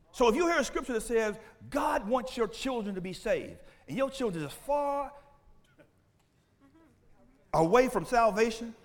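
A man preaching a sermon, asking the congregation questions and rising to shouts. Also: high-pitched. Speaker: pastor.

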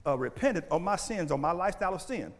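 A male pastor preaching a sermon in church on a mic, animated and full of call-and-response questions. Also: high-pitched, fast talker, big-room sound. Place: church sanctuary. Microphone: handheld or stand mic.

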